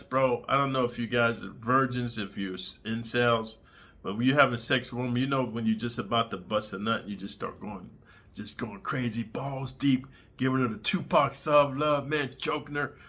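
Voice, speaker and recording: A man hosting his channel, telling crude prison stories in a blunt, streetwise, animated way full of slang. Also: medium pitch. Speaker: channel host. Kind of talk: crude prison storytelling monologue.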